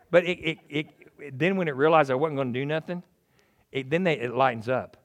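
A middle-aged male pastor preaching a sermon in an animated, joking way, acting out little voices. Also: a little high, a little fast. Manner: animated, jokey, acts out voices.

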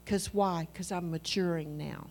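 A middle-aged woman preaching a sermon in an animated, conversational way, acting out little dialogues with her husband. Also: fairly low pitch, measured pace, slight background noise.

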